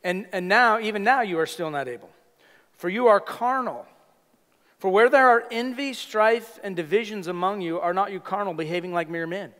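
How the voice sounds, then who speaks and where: High-voiced animated male pastor preaching. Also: normal speed, big-room sound. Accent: Californian. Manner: animated, conversational preaching with playful asides. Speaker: senior pastor. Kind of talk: sermon. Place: church sanctuary.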